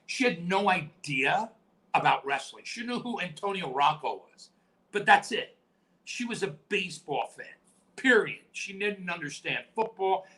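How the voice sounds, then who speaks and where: A man's voice: mid-range voice, rough recording. A middle-aged man, a retired professional wrestler, telling stories in an interview and acting out the dialogue and sound effects. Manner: animated, acts out quoted dialogue with sound effects. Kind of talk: storytelling interview.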